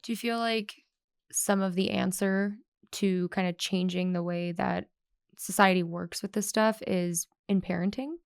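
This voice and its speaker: Gravelly-voiced woman co-host, dry sound. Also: mid-range voice, fairly even intonation, unhurried, no echo. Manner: thoughtful, asks long questions. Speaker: podcast co-host. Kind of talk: conversational interview.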